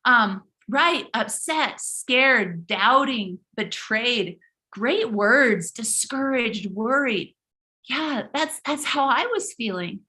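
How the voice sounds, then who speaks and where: A middle-aged woman hosts a live online workshop, telling stories in an animated way and often addressing viewers directly. Her voice is high and bright. She restarts phrases often as she talks. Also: slow. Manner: animated, speaks directly to the audience, frequent restarts. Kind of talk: live webinar storytelling talk.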